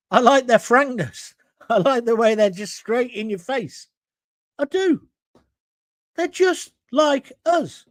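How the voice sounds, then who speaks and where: A man's voice: extremely high pitch, dry recording, studio quality. Blunt man hosting a talk show. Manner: blunt, combative, rambling rant. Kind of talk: live talk show, reading viewer comments. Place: studio in front of a green screen.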